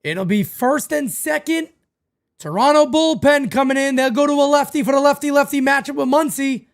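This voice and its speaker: A man's voice: very high voice, normal speed. A man hosting a live fan watch party, calling the plays and chatting with viewers in a playfully melodramatic way that repeats phrases. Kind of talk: live fan play-by-play and chat.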